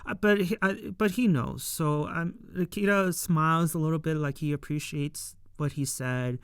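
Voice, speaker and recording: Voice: medium pitch, fairly even intonation, moderate pace, clear, resonant tone, no room sound, clean studio sound. A reviewer recapping a show episode in a loose, rambling way, full of fillers and casual paraphrase.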